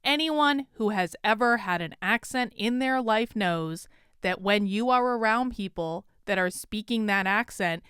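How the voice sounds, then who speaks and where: A woman's voice: medium pitch, lively intonation, a little slow, fairly bright tone, clean tone, no echo, clean studio sound. A woman from Vermont with a Vermont accent, giving indignant, emphatic video commentary on an online feud. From Vermont, USA. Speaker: commentary YouTuber.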